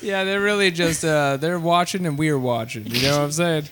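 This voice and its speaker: A man co-hosting a podcast, trading jokey deadpan asides in casual chat. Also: on the high side, moderate pace, a little hiss or hum. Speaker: podcast co-host.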